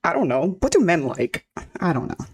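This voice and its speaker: A woman with a naturally deep, low voice chats loosely on a live stream. Her talk rambles with "like" at every turn, and she breaks into laughter often. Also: big pitch swings, moderate pace, slightly rough. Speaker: VTuber streamer. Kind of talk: casual live-stream chat.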